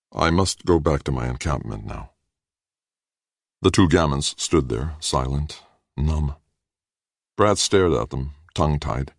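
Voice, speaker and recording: Very deep, gravelly male narrator. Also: no echo, clean studio sound. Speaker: audiobook narrator. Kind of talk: scripted narration.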